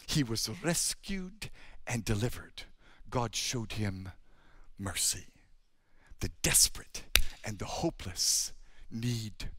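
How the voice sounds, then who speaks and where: A man pastor preaching a sermon, moving between loud proclamations and hushed, low storytelling. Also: dry recording.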